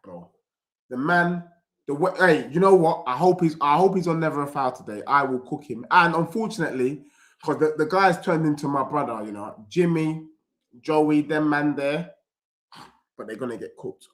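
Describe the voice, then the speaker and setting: Excitable young man streaming football. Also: fairly high pitch. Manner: excitable, slangy, reads out chat messages. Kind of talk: live watchalong reaction.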